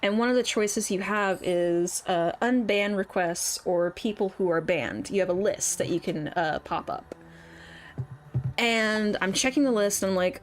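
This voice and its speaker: A woman's voice: mid-range voice, a little slow, a little hiss or hum. A woman streaming a game while chatting casually, ranting, swearing and laughing often, and under the weather. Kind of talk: casual chat while gaming.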